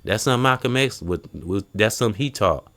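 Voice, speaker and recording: A man hosting a casual podcast, telling stories in an animated way and acting out quotes. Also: fairly low pitch, fast talker. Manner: animated storytelling, acts out quotes. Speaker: podcast host.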